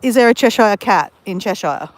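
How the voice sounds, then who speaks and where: A woman speaks in an expressive, medium-pitched voice at normal speed, with no room sound, while livestreaming from her phone on a seaside walk. She chats casually, addresses viewers by name and laughs easily.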